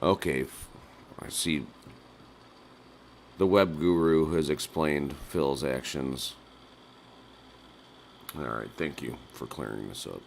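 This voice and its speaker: A man's voice: rumbling low, slow, vocal fry, pauses often, a little hiss or hum. A man hosting a nightly call-in livestream, rambling through absurd jokes and laughing at his own bits. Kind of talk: rambling absurdist live-stream chat.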